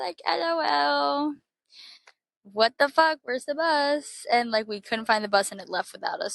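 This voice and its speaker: A young woman from Florida telling a travel story in a casual, animated, heavily profane way. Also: medium pitch, gravelly, dry recording. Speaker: podcast host.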